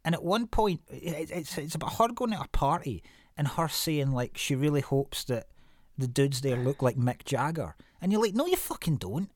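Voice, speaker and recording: A man hosting a casual podcast chat, telling rambling, animated stories with plenty of swearing and restarts. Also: a little high, normal speed, no room sound, studio quality. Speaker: podcast host.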